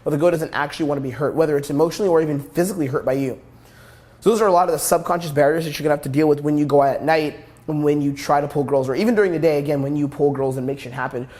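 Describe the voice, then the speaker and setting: Brash young male coach, rapid delivery, fairly high voice, profane instructional talk. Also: a little mellow. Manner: brash, profane, repetitive emphasis. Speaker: dating coach. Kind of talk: instructional monologue.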